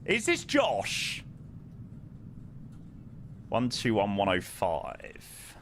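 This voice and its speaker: A man's voice: medium pitch, huge pitch swings, takes it slowly, pauses often, a bit bright, a little hiss or hum. A young man streaming a flight sim, chatting casually and joking with viewers. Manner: chatty and joking, sings along to music. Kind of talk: casual chat.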